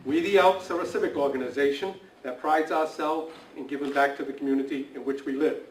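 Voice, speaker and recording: A man's voice: fairly high pitch, steady tone, fairly quick, slight background noise. A man representing a civic club, reading a formal prepared speech to present flags at a ceremony. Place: indoor building dedication event. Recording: echoey, distant recording with faint ambience.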